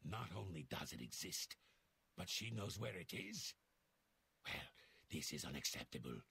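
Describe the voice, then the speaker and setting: An actor playing a stern older male guild master in a fantasy game, commanding and secretive, with a gravelly voice. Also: low-pitched, big pitch swings, unhurried, pushed and bright, heavily acted.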